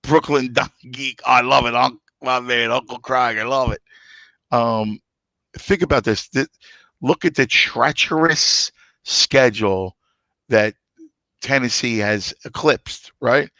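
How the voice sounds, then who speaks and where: A man's voice: mid-range voice, slow pace, sharp tone, no echo. A man who hosts sports radio, chatting emphatically and egging his co-host on. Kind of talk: casual chat.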